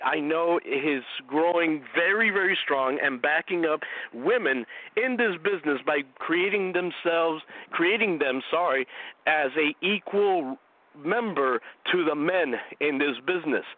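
Higher-voiced male radio host with a cold. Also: no room sound. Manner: eager, rambling, talks fans through his opinions. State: has a cold, a bit out of breath. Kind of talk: opinionated wrestling radio talk. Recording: tinny phone-like dry line.

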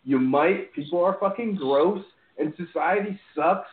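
A man's voice: a little high, a little slow. A man co-hosting a podcast, talking in a rambling, profane, casual way with frequent restarts. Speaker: podcast co-host. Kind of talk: casual chat. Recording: echoey, phone-like line with faint music.

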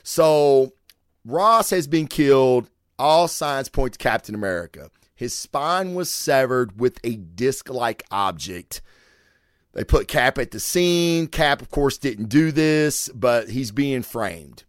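A man's voice: medium pitch, animated, slow, dry recording, clean studio sound. A man casually reviewing comic books, cursing freely and rambling with lots of fillers. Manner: profane, chatty, rambling with fillers. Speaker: comic book show host.

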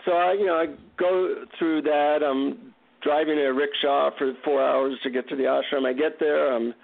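Gravelly-voiced man telling a story by phone. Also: fairly high pitch, normal speed. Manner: animated, humorous anecdote telling. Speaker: guest author. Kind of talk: storytelling in a radio interview. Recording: tinny phone line.

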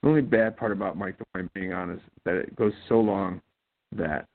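This Ohio podcast host speaks low and at a normal speed over a tinny, phone-like recording. On his casual talk show he mumbles and rambles, full of fillers and false starts.

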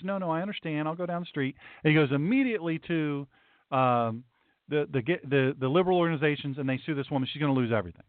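A man's voice: fairly high pitch, dry recording. A middle-aged man, a pastor hosting a talk show, gives an opinionated monologue. He talks emphatically and repeats lines for punch. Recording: tinny, dry phone-like sound.

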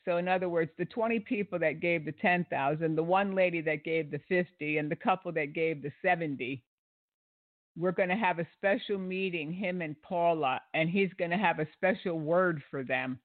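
A man's voice: a little high, moderate pace, dry recording. A man giving critical commentary on a clip, indignant and sarcastic, with hesitant fillers. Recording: dry phone-like audio.

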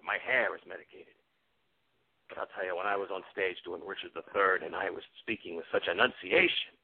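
A man impersonating an excitable aging male movie star, with a husky voice that erupts into shouted exclamations. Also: deep voice. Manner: bursts into sudden shouted exclamations. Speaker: guest impressionist. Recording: tinny phone line.

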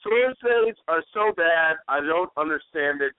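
A man's voice: on the high side, expressive, measured pace, no echo. A man hosting a casual talk show, telling weary complaints about his bad day. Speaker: radio host. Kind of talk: casual podcast chat. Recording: thin phone-like dry sound.

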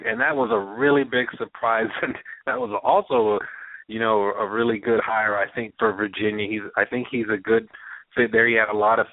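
A man talks through college football in an easy, unhurried way, doubling back on his words as he goes. His voice comes over a narrow, phone-like line with no room sound at all. He sounds like a guest on a call-in sports show. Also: fairly low pitch, creaky, no echo. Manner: relaxed, repeats words while thinking. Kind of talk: casual podcast chat.

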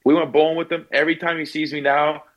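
A man's voice: a little high, level tone, quick pace, rough recording. A young man from Pennsylvania, a basketball player being interviewed, talking casually and at length with fillers, restarts and little voices for the people in his stories. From Pennsylvania, USA. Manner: chatty storyteller, fillers and restarts, mimics people in quotes.

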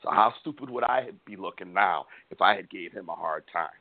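A man hosting a casual sports talk show, animated and opinionated, often repeating words as he gets going. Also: deep voice, brisk. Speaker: podcast host. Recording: tinny phone-like line.

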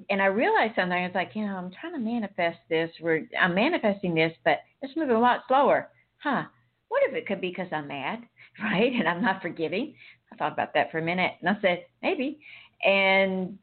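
Low-voiced woman on a tinny phone line. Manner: rambling, confiding, laughs often between thoughts. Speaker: podcast co-host. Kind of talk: casual, candid conversation.

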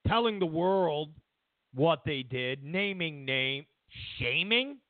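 A high, lively male voice rants in slow, drawn-out bursts of mockery, swinging his pitch wildly. The sound is dry and thin, like it comes down a phone line. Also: dry recording. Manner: sarcastic, mocking, acts out voices of others. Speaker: talk show host. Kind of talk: ranting political commentary.

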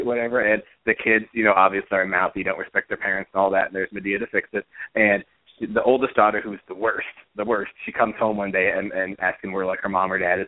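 Man, podcast co-host, casual chat, chatty storyteller, quick talker, dry tinny phone-like sound. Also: lowish voice, no room sound.

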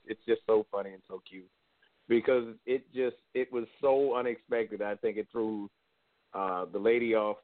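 A man's voice: on the low side, no room sound. A man co-hosting a casual radio chat show, playful and loose, restarting his words as he talks. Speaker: podcast co-host. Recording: tinny phone line, dry.

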